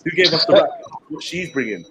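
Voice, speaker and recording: A man tells a story in animated, blunt, slangy chat. His voice sits fairly high. There is faint noise behind him. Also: fast talker. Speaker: podcast co-host.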